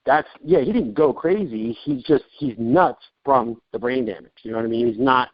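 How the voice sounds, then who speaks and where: A man's voice: fairly high pitch, big pitch swings, normal speed, vocal fry, dry recording. A man hosting a podcast, rambling and joking through casual interview chat with many restarts. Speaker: podcast host. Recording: dull lo-fi dry podcast audio.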